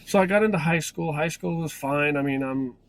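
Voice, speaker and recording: A man's voice: on the high side, fairly quick, low-quality recording. A man in his forties telling a personal story in a casual, rambling way, with many restarts and self-corrections. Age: 40s. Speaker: vlogger.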